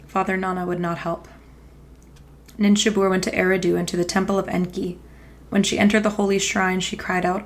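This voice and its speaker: A woman podcast host reading an ancient myth aloud in steady, measured storytelling. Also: lowish voice.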